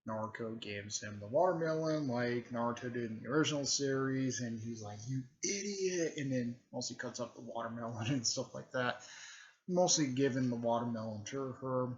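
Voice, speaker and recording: A man's voice: mid-range voice, brisk. Rambling man with a dull lo-fi mic. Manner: filler-heavy, repeats "technically" and "and stuff like that", clears throat often. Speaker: video creator recapping a fan series. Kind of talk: casual rambling recap.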